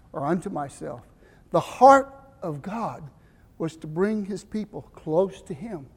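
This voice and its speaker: An older male pastor preaching a sermon, questioning his congregation and answering himself, moving between loud emphasis and soft asides. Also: a little high, normal speed. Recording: reverberant church hall.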